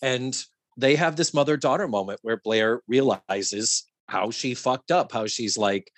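A man hosting a podcast in a casual chat, talking in an animated, profane way and acting out quotes from a sitcom. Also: mid-range voice, unhurried, no room sound. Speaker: podcast host.

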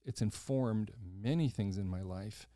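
An older man in his sixties, hosting a podcast, talks in a low, warm, mellow voice. He tells his story bluntly, slipping into the voices of the people in it. The sound is dry and close. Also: measured pace, no room sound. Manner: animated storyteller who acts out quoted voices, blunt and swears casually. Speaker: podcast host. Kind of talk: casual storytelling conversation.

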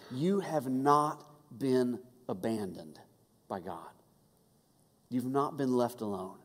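A man preaching a sermon as pastor, telling the story with humor, quick asides and restarts. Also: mid-range voice, a little mellow. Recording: long reverb of a large hall.

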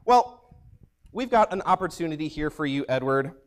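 Upbeat, animated young youth pastor man. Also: a little high, moderate pace, background noise. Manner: upbeat, energetic, animated storyteller. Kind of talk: youth sermon with storytelling.

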